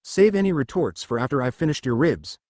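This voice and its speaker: A man's voice: medium pitch, expressive, fairly quick, darkish tone, no echo, close to an everyday voice. A man voicing a stern young male ninja medic who talks bluntly and scolds.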